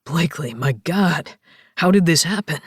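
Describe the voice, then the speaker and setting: A woman's voice: deep voice, expressive, normal speed, husky, dry recording, clean studio sound, pitched below the performer's own voice, full character voice. A woman voicing a worried young man who calls out urgently, shaken and protective of his girlfriend, in an audiobook romance. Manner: urgent, shaken, calling out over rain.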